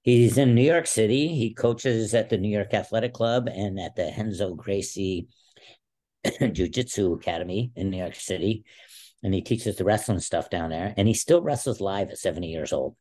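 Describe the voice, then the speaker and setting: A man's voice: lowish voice, moderate pace, mellow. A man in his sixties, a former Olympic wrestler, telling stories in an interview with emphatic, rambling speech. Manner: rambling, emphatic, many restarts. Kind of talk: storytelling in a casual interview.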